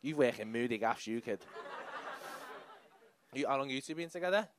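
A man's voice: medium pitch, animated, moderate pace, background noise. A young man with a Liverpool accent doing brash, sweary crowd work as a stand-up comedian on a club stage. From England.

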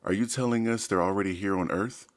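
Audiobook: man doing a blunt, demanding teen girl, pitched up. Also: fast talker, natural voice. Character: bold demanding teenage girl.

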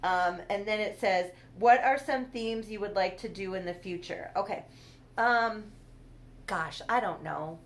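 A woman's voice: mid-range voice, unhurried. A woman chatting casually on her own vlog, rambling and giggling as she goes. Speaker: doll collector hosting her channel.

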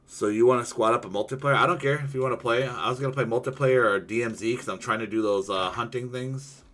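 A man's voice: medium pitch, fast talker, a bit bright. A young man streaming a video game, ranting heatedly and swearing constantly in casual chat with a friend. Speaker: gaming streamer.

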